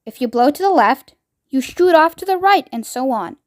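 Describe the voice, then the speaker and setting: A woman voicing an eccentric male chocolate-maker who gives brisk, fussy commands in a storybook reading. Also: high voice, expressive, a little mellow. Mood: commanding. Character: eccentric man chocolate-maker, bossy pilot.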